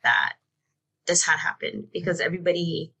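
A woman telling a personal story as an interview guest, halting and repeating herself, saying "like" often. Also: on the low side, little pitch movement, bright, forceful tone, slightly rough. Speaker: guest, bereaved mother.

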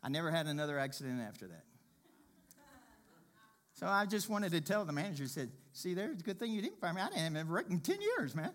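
A man telling a personal faith testimony in a sermon, shifting between quiet murmurs and loud, excited exclaiming. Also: quick pace. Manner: animated storyteller, swings from low murmurs to loud exclaiming.

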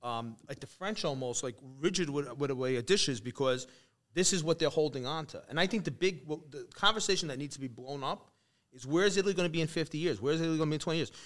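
A man's voice: a little high, fast, fairly bright tone. A man hosting a casual conversation, telling stories animatedly and acting out the people he quotes. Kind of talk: casual chat.

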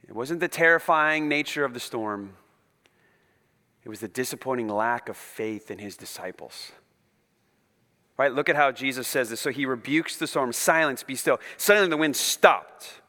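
A male pastor preaches in an emphatic, conversational way. His bright, high voice swings widely in pitch. Long reverb from a large hall surrounds him. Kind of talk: sermon.

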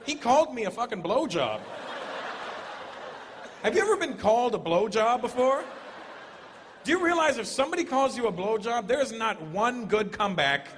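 A man doing stand-up on a club stage, his fairly high voice carrying through a long, reverberant hall. The set is loud and animated, and crowd noise sits clearly behind him. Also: moderate pace, pauses often. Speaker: stand-up comedian. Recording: roomy hall, noisy live crowd. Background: audience laughter.

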